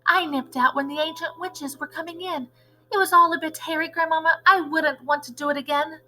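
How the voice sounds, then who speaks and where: A woman's voice: extremely high pitch, steady tone, fairly quick, sharp tone, a little hiss or hum, pitched above the performer's own voice, heavily acted, rough recording. A woman reading aloud, voicing an eager young boy in a storybook. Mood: relieved. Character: small brave boy, excited and breathless.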